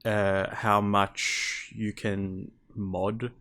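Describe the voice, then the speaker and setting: A man co-hosting a gaming podcast, easygoing and quick to laugh as he moves through news topics. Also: fairly low pitch, flat delivery, sharp tone. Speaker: podcast co-host. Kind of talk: casual chat.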